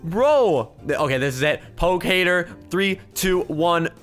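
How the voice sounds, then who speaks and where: A young man giving excited gameplay commentary as a video host, jumping between hushed muttering and sudden shouts. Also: fairly high pitch, a little slow, clear, resonant tone, soft background music. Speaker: gaming YouTuber.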